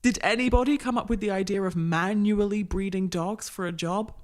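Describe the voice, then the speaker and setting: A video essayist giving mock-academic commentary in a wry, deadpan manner. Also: mid-range voice, brisk.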